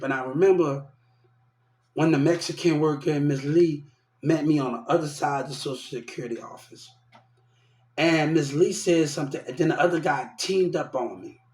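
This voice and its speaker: Recorded in an echoey room, a man with a higher, darkish voice rants angrily about being wronged. He keeps repeating himself, sounds aggrieved and quotes other people's words back.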